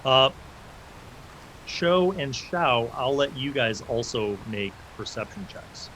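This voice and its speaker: A man's voice: medium pitch, expressive, takes it slowly, a bit bright, a little hiss or hum, rough recording. Man running a tabletop game. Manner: vivid, loose descriptions that act out side characters. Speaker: game master.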